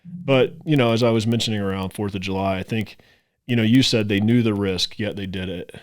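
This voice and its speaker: Male podcast host, low-pitched, heartfelt and grateful, stammers through restarts. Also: fairly quick. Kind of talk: casual interview chat.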